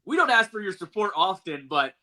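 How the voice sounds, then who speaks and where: A man co-hosting a sports talk podcast, emphatic and joking as he gets riled up. His voice is very bright and sharp and sits a little high for a man. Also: big pitch swings, fairly quick. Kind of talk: casual sports chat.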